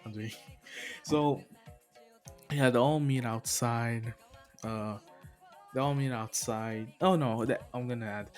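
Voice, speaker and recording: A man loosely narrating a made-up anime story at a slow, easy pace, wandering off track and laughing at himself. His pitch sits in the middle, and faint music plays underneath. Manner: rambling, laughs at himself, self-correcting. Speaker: video creator. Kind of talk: casual retelling of a fan story.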